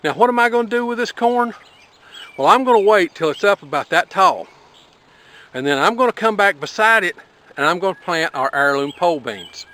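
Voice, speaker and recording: A man explaining how he plants his corn in a relaxed, folksy step-by-step way, talking to the camera outdoors on his farm. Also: sits high, fairly quick. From Appalachia. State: out of breath after planting. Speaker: homesteading vlogger.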